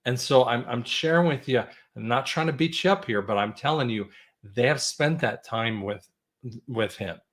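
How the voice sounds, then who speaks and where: A man's voice: mid-range voice, normal speed, a bit bright. A man hosting a talk show, speaking in an emphatic, preaching way and repeating himself for stress. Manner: emphatic, repeats "I'm telling you". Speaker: host.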